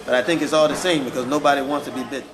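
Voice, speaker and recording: A male minister answering interview questions in a firm but halting way, with many fillers. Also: medium pitch, fairly even intonation, crowd noise, low-quality recording.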